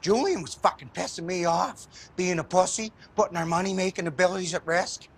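Earnest fussy trailer park guy, raised pitch, eager explaining tone, faint music behind. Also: brisk. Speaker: karaoke singer.

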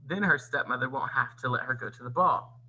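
A man's voice: medium pitch, brisk, pushed and bright, slightly rough, full character voice, rough recording. A man voicing a small, worried male mouse in a read-aloud storybook. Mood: fretful.

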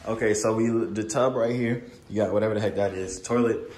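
A man's voice: on the low side, fairly even intonation, moderate pace, pauses often, a little mellow. A young man casually vlogging on a trip, playful and talking straight to his viewers. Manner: playful, joking, addresses viewers directly. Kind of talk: casual travel vlog. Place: airport and hotel room while traveling. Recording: handheld camera with clear background noise.

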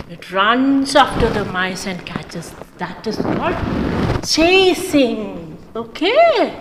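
A woman teaching an English lesson to young children, asking the class questions and spelling words out letter by letter. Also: fairly high pitch. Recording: echoey room, loud background noise.

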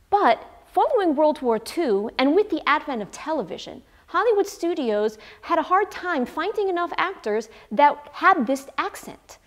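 A woman linguist giving a clear, measured educational explanation. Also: sits high.

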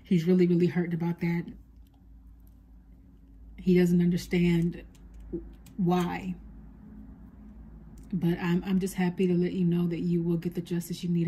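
A woman psychic medium giving a spoken reading to her viewers, talking softly and earnestly as she relays what a spirit tells her. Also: lowish voice, monotone, measured pace, pauses often, a little hiss or hum.

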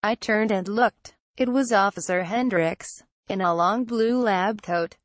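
Slow, measured woman reading horror. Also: medium pitch, no room sound. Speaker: story reader. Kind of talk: reading a horror story aloud.

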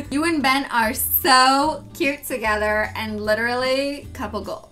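Young woman, high voice, bright and sharp, playful, giggly, casual fan-mail chat, faint music behind. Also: a little slow. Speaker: channel host.

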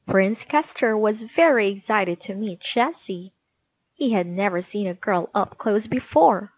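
A woman reading a children's storybook aloud, gently and clearly. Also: medium pitch, animated, measured pace, no echo.

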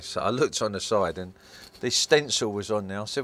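A man's voice: low-pitched, fairly quick, hardly any pauses, a bit bright. A tattoo artist, a man, telling a wry anecdote in an interview.

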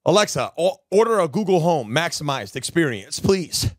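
A male streamer in live-stream banter, profane and mocking, yelling at his smart speaker. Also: on the high side, big pitch swings, normal speed, no echo.

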